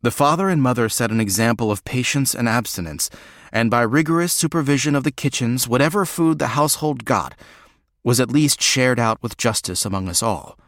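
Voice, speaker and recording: A man narrating a first-person novel in a measured, reflective way. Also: mid-range voice, a bit bright, no room sound, studio quality. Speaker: audiobook narrator.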